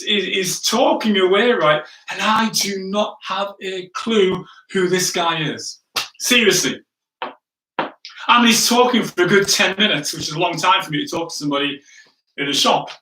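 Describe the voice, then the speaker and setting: Pastor telling a story in a sermon, high and bright, self-mocking, lots of "right?" asides, roomy sound. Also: male voice, expressive, unhurried. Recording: echoey room, distant from the mic.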